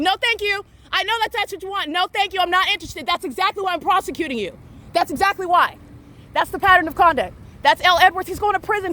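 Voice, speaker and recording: A woman's voice: very high voice, a bit bright. A woman filming on her phone outdoors, narrating in an accusatory, repetitive, insistent way. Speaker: vlogger filming people around her. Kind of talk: confrontational narration while filming. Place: outdoors in a town square and parking lot.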